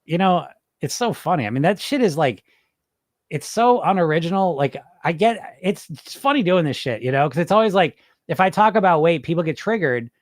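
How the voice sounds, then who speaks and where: Man, podcast host, hypnotist, casual live chat, blunt, swears a lot, rhetorical questions, higher voice, dry close sound. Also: animated, brisk, no echo. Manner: blunt, profane and emphatic, firing rhetorical questions. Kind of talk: casual live-stream talk answering chat comments.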